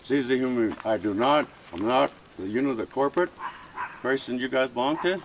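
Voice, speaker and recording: A man's voice: medium pitch, fairly quick, noisy background. A man, a First Nations chief, arguing with police in a heated face-to-face exchange, impassioned and pleading, repeating his points over and over. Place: outdoor protest camp.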